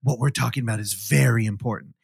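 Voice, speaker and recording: On a movie podcast, this male co-host recaps a film in a loose review chat, cursing casually and performing scenes in goofy voices. He talks quickly at a medium pitch with a gravelly, husky edge, recorded dry and clean in a studio.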